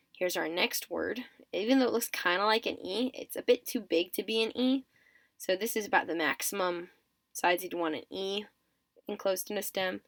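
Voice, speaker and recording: A woman's voice: medium pitch, creaky, a bit bright, no room sound. A woman teaching a writing system step by step, counting items aloud, correcting herself, and sounding a little sleepy. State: sleepy, yawning. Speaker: teacher of a constructed script. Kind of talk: step-by-step explanatory tutorial.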